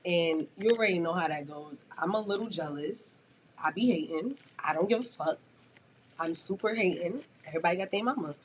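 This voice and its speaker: A woman's voice: fairly low pitch, fairly quick, a little hiss or hum. Blunt, profane woman telling a story. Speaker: podcast guest. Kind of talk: casual storytelling.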